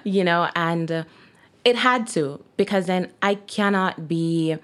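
A woman's voice: lowish voice, slow. A Jamaican woman in her thirties, a guest in an interview, chatting casually with many fillers and laughs. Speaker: guest, T-shirt brand owner.

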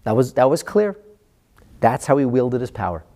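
A man giving a Torah lesson, animated, slowing down to stress the Hebrew verses he quotes. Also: medium pitch. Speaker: Torah teacher.

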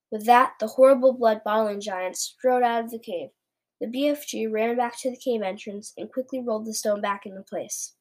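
A woman reads a children's storybook aloud, steady and plain. Her voice sits fairly high. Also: normal speed, low-quality recording. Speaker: reader.

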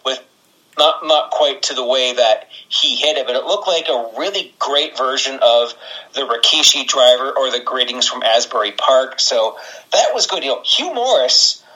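Bright-voiced man ranting casually. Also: medium pitch, normal speed, low-quality recording. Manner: rambling, sarcastic, swears and laughs often. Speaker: podcast co-host. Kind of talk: casual wrestling podcast chat.

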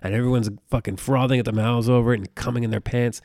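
A man's voice: medium pitch, level tone, fast talker, mellow, no echo, clean studio sound. A man in his thirties from the United States hosting a podcast, ranting casually in a profane, rambling, exasperated way. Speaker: podcast host.

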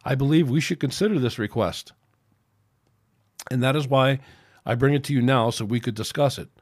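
A man reading a steady starship captain. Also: mid-range voice, normal speed, natural voice. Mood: commanding. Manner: steady and commanding. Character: calm, decisive starship captain, male.

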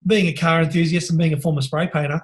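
An Australian man, a podcast guest, telling lively stories over a video call and laughing often. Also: fairly high pitch, fast talker. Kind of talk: casual storytelling interview.

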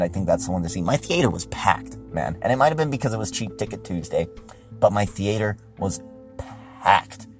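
A man hosting a podcast, giving a casual, rambling movie review that gets excitable and profane when he is riled up. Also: deep voice. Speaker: podcast host.

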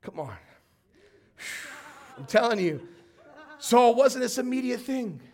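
A man preaching a sermon, animated and storytelling, swinging from quiet reading to shouted emphasis. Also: very high-pitched, slow pace.

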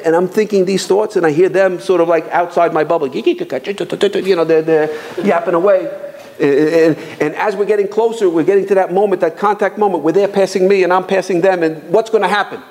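A man with a fairly high voice races through a personal story in the style of a sermon. He talks quickly and with animation, repeats himself and restarts sentences, and drops in Hebrew and Yiddish terms as he teaches. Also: a little mellow. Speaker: religious teacher.

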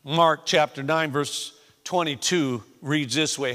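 Bright-voiced male preacher in echoey hall. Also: a little high, slow pace, hardly any pauses. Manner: emphatic preaching that swings from hushed to shouted. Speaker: pastor. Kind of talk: sermon.

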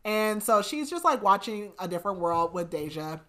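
A woman hosting a podcast, casually retelling a novel's plot with animated quoted dialogue and frequent laughs. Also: mid-range voice, normal speed. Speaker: podcast host. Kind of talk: casual book recap chat.

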